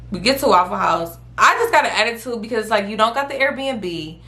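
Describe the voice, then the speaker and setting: A woman's voice: a little high, pushed and bright. Profane exasperated woman telling a story. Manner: blunt, profane, exasperated retelling; quotes people in acted voices. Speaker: vlogger. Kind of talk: casual storytime.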